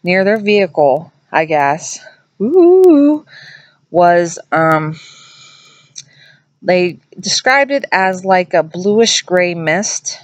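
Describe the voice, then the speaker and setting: A middle-aged woman tells a ghost story in a loose, chatty way, wandering into asides and restarting her sentences. Her voice sits fairly low for a woman. The sound is dry and close, with little room around it. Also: no echo. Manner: acts out quoted voices in a higher pitch. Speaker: vlogger telling a ghost story. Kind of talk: casual storytelling to camera.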